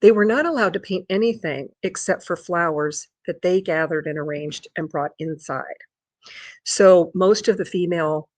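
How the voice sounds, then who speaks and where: A woman talks to her viewers in a loose, rambling vlog style, circling back and restarting her sentences. Her voice sits on the low side. The sound is dry and close, with no room echo. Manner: chatty, rambling, with restarts and high sing-song talk to her dog. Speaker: vlogger. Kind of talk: casual chat.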